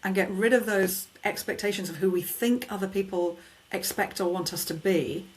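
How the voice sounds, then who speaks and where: A woman, a vocal coach, talking in a podcast conversation, expressive and emphatic as she acts out questions people ask themselves. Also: mid-range voice, moderate pace. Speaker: vocal coach and sound healer.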